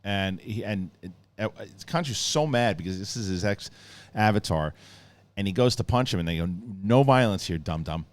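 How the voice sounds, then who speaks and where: A man hosting a casual show, excitedly retelling scenes in a rambling way full of restarts. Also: on the low side, moderate pace, clear, resonant tone, no room sound. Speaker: show host reviewing a TV episode. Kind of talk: casual spoken review.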